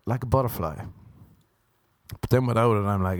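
A man's voice: on the low side, moderate pace, long pauses, dry recording. A young Irish man hosting a podcast, telling rambling, self-mocking stories on his own. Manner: meandering, self-mocking storytelling. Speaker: podcast host. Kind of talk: rambling solo podcast monologue.

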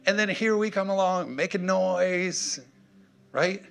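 A man's voice: high voice, slow, creaky. A man preaching a sermon, emphatic and punchy, checking in with his congregation. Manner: emphatic, punchy, call-and-response. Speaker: pastor.

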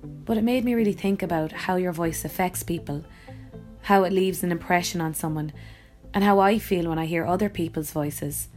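A woman's voice: on the low side, moderate pace, darkish tone, faint music behind. A woman with an Irish accent, an actor and voice-over artist, reading her own blog post aloud in a reflective, wry and personal way.

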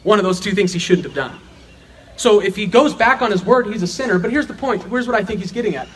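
A Bible teacher with a high, husky, slightly bright voice works through a sermon verse by verse, talking fast and animatedly. He's earnest and emphatic, asking rhetorical questions and answering them himself.

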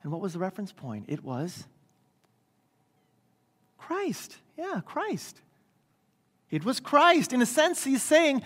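A man's voice: sits high, very animated, slow pace, pauses often. A man preaching a sermon in a church in a conversational way, often checking in with the congregation by asking "right?". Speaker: pastor. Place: church sanctuary. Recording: long hall reverb.

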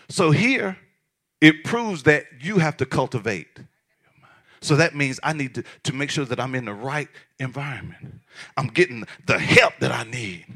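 A man preaching a sermon as pastor, lively and repetitive, with laughs and shouted emphasis. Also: a little high.

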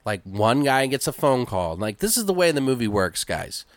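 Man, podcast host, smooth clear voice, dry close sound, rambling casual chat. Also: medium pitch, very animated, moderate pace, no echo. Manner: rambling retelling full of fillers and swearing.

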